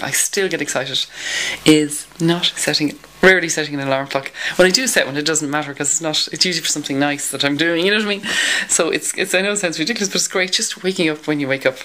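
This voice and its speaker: A woman speaking candidly about her own life, often restarting her sentences. Her voice is low and she talks quickly. Faint background noise sits under her. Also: a bit bright, poor audio. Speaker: interviewee. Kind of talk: personal storytelling.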